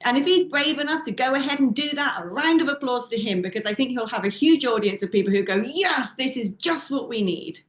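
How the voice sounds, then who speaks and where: A woman's voice: a little high, fast, few pauses, echoey room. A woman speaking as a panel guest on a talk show, voicing her opinions emphatically. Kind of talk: studio talk show discussion.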